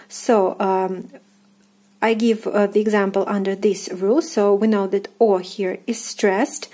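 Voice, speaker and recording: A young adult woman with a Russian accent, a native Russian speaker, teaching a casual language lesson in a slow, explaining way with many fillers and self-corrections. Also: medium pitch, mellow, slightly rough.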